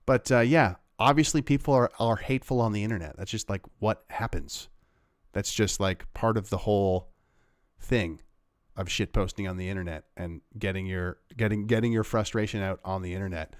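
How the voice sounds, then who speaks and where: A man's voice: lowish voice, moderate pace, clear, resonant tone, no echo, clean studio sound. A man hosting a livestream, giving casual, sarcastic commentary on clips he plays, rambling with fillers. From Canada. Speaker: livestream host reacting to clips.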